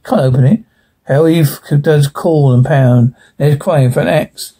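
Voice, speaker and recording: Male horror narrator; dark, husky timbre, halting dramatic read with slips. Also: a little high. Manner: halting, stumbles and restarts words. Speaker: horror story reader. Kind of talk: dramatic first-person horror reading.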